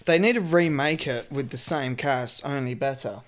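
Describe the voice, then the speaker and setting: A man's voice: mid-range voice, moderate pace. Australian man, podcast co-host, loose sweary chat, sentences trail off. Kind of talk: casual chat.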